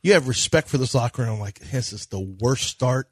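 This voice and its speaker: Lively male sports radio host. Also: medium pitch, fairly quick, slightly rough, no room sound, studio quality. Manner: animated storytelling, quotes others in conversation. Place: radio studio. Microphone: studio microphone.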